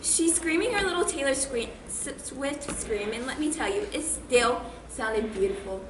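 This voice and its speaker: Casting: high-voiced teen actress playing a giddy, unhinged teenage girl, bubbly with sudden bursts, echoey stage. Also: normal speed, close to an everyday voice. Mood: manic glee. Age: teens. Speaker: student actor. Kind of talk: stage monologue. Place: school theater stage. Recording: echoey stage with background noise.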